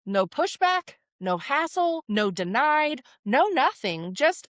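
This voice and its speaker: A woman co-hosting a podcast in casual chat, telling stories with lively acted-out quotes and casual swearing. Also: high voice, slow, dry recording, clean studio sound. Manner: animated storyteller who acts out quoted voices. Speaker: podcast co-host.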